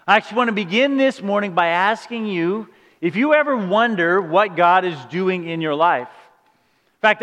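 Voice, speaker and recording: A man with a high voice preaches to his congregation, keeping it conversational and earnest and leaning on rhetorical questions. His words ring out with a long reverb, as if from a large church sanctuary. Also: fairly bright tone. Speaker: pastor. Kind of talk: sermon.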